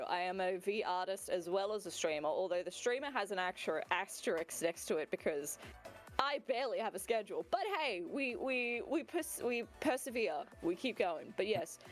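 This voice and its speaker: A woman with a broad rural Australian accent, chatting as a guest in a casual online interview, playful and self-mocking. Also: medium pitch. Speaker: guest streamer and artist.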